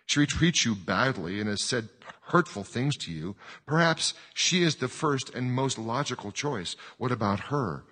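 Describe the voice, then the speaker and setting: A man voicing a calm, wise woman. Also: mid-range voice. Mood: probing. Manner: slow, quiet, gently probing. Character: calm wise woman confronting a grieving father. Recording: long hall reverb.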